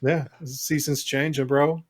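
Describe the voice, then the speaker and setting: A man co-hosting a podcast in casual banter, animated and laughing, saying bro and dude a lot. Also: fairly high pitch, a little slow. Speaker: podcast co-host.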